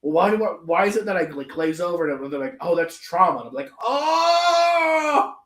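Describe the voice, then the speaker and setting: A man on a casual livestream, his voice sitting a bit high for a man. He tells rambling, profane stories at his own expense, and the sound bounces around a roomy, echoey space. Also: quick pace. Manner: rambling, profane, self-mocking storytelling. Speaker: podcast co-host. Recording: echoey room.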